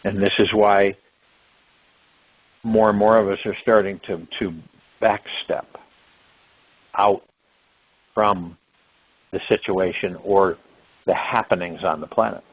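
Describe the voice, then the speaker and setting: A man's voice: lowish voice, steady tone, slow pace, long pauses, husky. A man hosting a spiritual meditation call, musing in a rambling way and now and then acting out what people might say. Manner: rambling, musing, with sudden rises into acted quotes. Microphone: phone line. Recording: dull lo-fi phone call audio.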